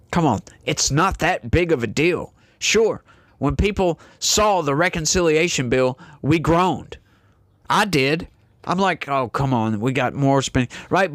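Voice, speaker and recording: A man's voice: medium pitch, fairly bright tone, no room sound. A man hosting a solo political commentary show, talking in an exasperated, rambling, emphatic way.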